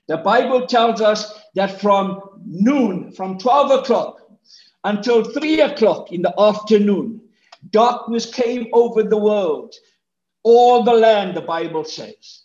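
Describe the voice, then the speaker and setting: A high-voiced male preacher delivering a sermon at an unhurried, deliberate pace. He is rhetorical and emphatic, climbing to loud shouts on key points. The recording is echoey and a little muffled. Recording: echoey, slightly muffled room.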